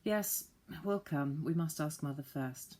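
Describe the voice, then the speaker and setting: A woman voices an eager, bold young boy from a children's story. He speaks briskly, a touch higher than her own low voice, and always keen to rush ahead. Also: darkish tone.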